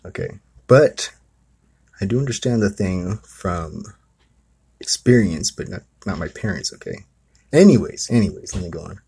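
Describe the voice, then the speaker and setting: Husky low-voiced man telling a story. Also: lively intonation, normal speed, long pauses, mellow. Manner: rambling, conversational, many asides. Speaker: host. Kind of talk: casual storytelling monologue.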